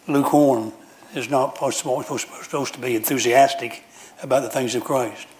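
A man's voice: medium pitch, steady tone, normal speed, a little mellow. Folksy male preacher mid-sermon. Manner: folksy storytelling with frequent restarts and repetition.

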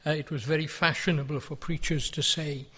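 An older man preaching a sermon, earnest and pleading, with many rhetorical questions and a husky voice. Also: fairly high pitch, fairly even intonation, fairly quick, bright, forceful tone. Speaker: pastor.

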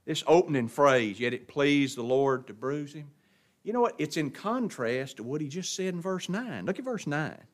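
A man preaching a sermon, swinging between loud emphatic stresses and quiet asides, often asking the congregation questions. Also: fairly high pitch, animated, moderate pace.

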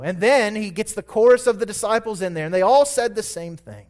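A man preaching a sermon, retelling a scripture story with emphatic, drawn-out words. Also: sits high, lively intonation, darkish tone.

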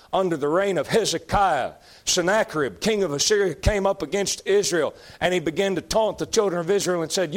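A man preaching a fiery sermon, emphatic and repetitive, rising to shouts. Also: a little high. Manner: folksy, emphatic, shouting at peaks, repeats lines.

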